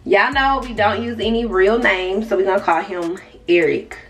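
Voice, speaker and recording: A woman's voice: mid-range voice, normal speed, few pauses. A young woman vlogger telling a casual story, chatty and speaking straight to her viewers with side remarks. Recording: distant mic with faint music.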